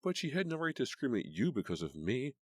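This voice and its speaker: A man reading an audiobook, voicing an upset, angry teenage girl in a high, agitated voice. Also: very animated, a little fast, slightly rough, dry recording, clean studio sound. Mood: alarmed. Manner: shrill and agitated.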